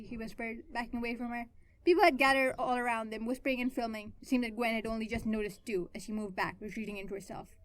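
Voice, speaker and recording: A woman reading her own fan fiction aloud, in an expressive way that swings between soft and loud. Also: fairly high pitch, fast talker, no echo. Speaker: fan fiction writer and narrator.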